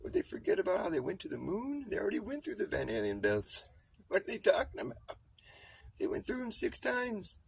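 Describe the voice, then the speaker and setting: A man putting on a giddy, shrill old astronaut. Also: sing-song, fairly quick, vocal fry, husky, full character voice. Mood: ranting. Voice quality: high, loud, giddy. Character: senile old male astronaut boasting about faking space.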